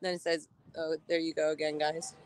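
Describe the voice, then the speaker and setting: A woman's voice: low-pitched, little pitch movement, brisk, poor audio. A woman livestreaming from a street outdoors, talking emotionally and chattily to her viewers.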